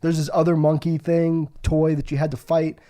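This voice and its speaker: A young man in casual podcast chat, his voice a little higher than most men's but soft and mellow. He rambles, stacks fillers and swears freely as he tells a long story. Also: little pitch movement, moderate pace. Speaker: podcast co-host.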